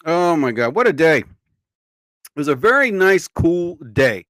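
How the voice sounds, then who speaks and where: A man's voice: on the high side, very animated, a little slow, fairly bright tone, no echo. Rambling man hosting a casual live show. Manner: rambling, keeps exclaiming. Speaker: host. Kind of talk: casual livestream chat.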